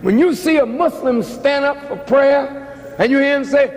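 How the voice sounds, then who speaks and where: A man's voice: extremely high pitch, moderate pace, slight background noise. A man giving a sermon-like public lecture, preaching dramatically and acting out voices. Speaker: activist lecturer. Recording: long hall reverb.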